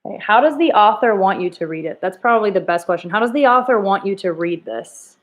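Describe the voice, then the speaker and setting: A woman's voice: medium pitch, lively intonation, fast, muffled recording. A woman teacher leading a reading lesson, thinking aloud and coaxing students with questions. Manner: thinks aloud, rereads lines in different tones.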